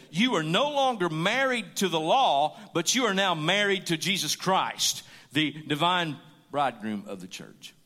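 Emphatic preacher in a reverberant hall. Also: male voice, high-pitched, sharp tone. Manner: emphatic preaching, repeats key lines. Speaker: pastor. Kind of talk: sermon.

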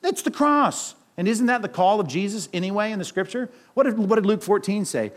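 Middle-aged male pastor, high voice, animated sermon delivery, lots of rhetorical questions. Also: brisk.

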